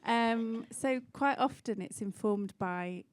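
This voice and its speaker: A woman's voice: fairly high pitch, slow. A woman actor in a panel chat, talking in a chatty, self-deprecating way about her work.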